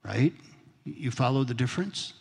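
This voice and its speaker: A man's voice: medium pitch, animated, normal speed, vocal fry, darkish tone, slightly rough, in a large hall. A man preaching a sermon as pastor, in a conversational way, asking his congregation questions. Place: church sanctuary.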